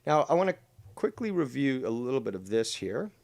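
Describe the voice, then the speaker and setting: A man's voice: medium pitch, big pitch swings, a little fast, vocal fry, a little mellow. A man hosting a drama commentary show, talking over clips in a mocking, profane, combative way.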